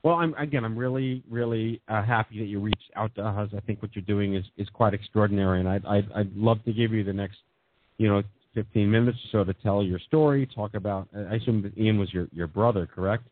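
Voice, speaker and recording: A man's voice: on the low side, fairly even intonation, fairly quick, dry recording. A man hosting a casual talk show, rambling and searching for words. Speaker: host. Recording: phone-quality audio with faint music.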